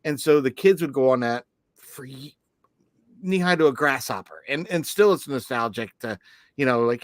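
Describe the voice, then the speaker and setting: A man's voice: mid-range voice, normal speed, no room sound. A middle-aged man co-hosting a podcast, rambling through casual stories with many restarts. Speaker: podcast co-host.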